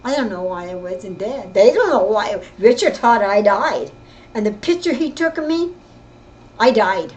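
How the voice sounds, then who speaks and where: An older woman telling her own story in casual, rambling speech, often halting and repeating herself. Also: medium pitch, animated, darkish tone, slight background noise, poor audio. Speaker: interviewee recounting her life. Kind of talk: casual spoken reminiscence.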